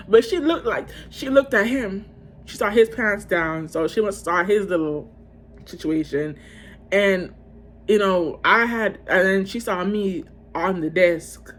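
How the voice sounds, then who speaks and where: A woman in her twenties telling a storytime tale to her viewers in a casual, profane, rambling way, breaking into loud outbursts. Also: lowish voice, measured pace, a little hiss or hum. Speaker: vlogger.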